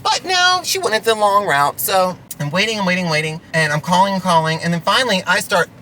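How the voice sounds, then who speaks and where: A man's voice: sits high, a little fast, bright, forceful tone, slight background noise. A delivery driver venting through a ranting storytime vlog from his car, sarcastic and exasperated.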